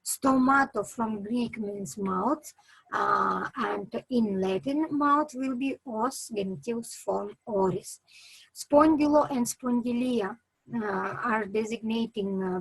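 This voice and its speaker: Slow, husky-voiced woman lecturer with a Kyrgyz accent. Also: a little high, no echo, rough recording. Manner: slow and halting, many "uh" fillers, lists terms. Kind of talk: reading a terminology lesson.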